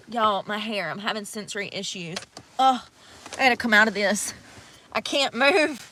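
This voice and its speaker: A woman's voice: mid-range voice, noisy background. A young woman chatting casually to viewers on a live stream from outdoors in the snow, swearing freely as she talks. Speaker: livestreamer.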